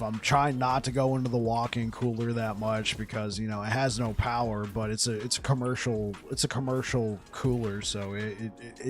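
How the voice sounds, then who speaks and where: Laid-back, chatty male streamer. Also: medium pitch. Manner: excitable storyteller, laughs often, repeats words. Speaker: game streamer. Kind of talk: casual live-stream chat with viewers.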